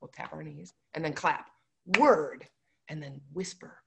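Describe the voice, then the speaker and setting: A woman's voice: sits low, fairly even intonation, normal speed, gravelly, noisy background. A woman leading a children's library storytime, playful and bouncy, chanting rhymes with kids.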